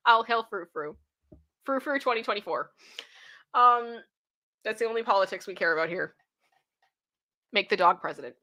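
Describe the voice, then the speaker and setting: A woman's voice: mid-range voice, moderate pace, long pauses, lo-fi sound. A woman casually reading stories aloud and reacting to them with outbursts of disbelief. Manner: animated, reads quotes aloud with outbursts of disbelief and laughter. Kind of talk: casual commentary.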